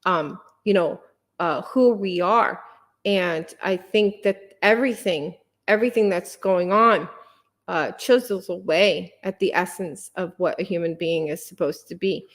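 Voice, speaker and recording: A woman's voice: lowish voice, unhurried. A woman guest on a podcast, speaking earnestly and passionately, with many fillers and restarts. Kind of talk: conversational interview.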